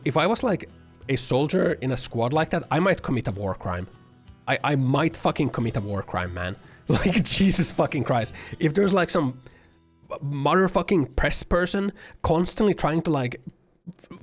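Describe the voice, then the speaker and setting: A man streaming, giving an exasperated, profanity-laden rant full of filler words and bursts of laughter. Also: fairly high pitch. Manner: laughs often mid-sentence. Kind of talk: casual livestream commentary.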